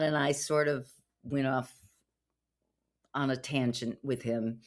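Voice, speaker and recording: A woman's voice: extremely low pitch, measured pace, long pauses, a bit bright. A middle-aged woman hosting a podcast, telling a rambling personal story in a chatty way full of asides and fillers. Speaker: podcast host. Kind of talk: casual storytelling monologue.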